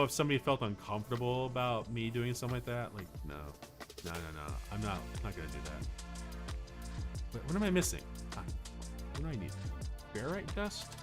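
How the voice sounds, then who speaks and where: A male streamer and voice actor chatting casually on a gameplay stream, his pitch swinging lively as he tells stories. He drifts into muttering to himself between menus, with faint music underneath. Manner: animated storyteller, chatty, mutters while playing. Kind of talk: casual gameplay livestream chat.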